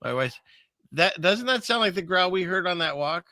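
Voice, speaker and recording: A man's voice: high-pitched, lively intonation, moderate pace, pushed and bright, no room sound. A man hosting a show, telling a story in an earnest, conversational way. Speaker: podcast host. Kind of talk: casual conversation.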